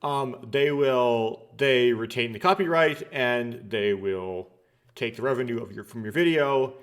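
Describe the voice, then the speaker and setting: Man, let's play host, casual game commentary, rambling, sarcastic asides, mid-pitched voice. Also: a little slow. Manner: rambling with many fillers and restarts, sarcastic asides.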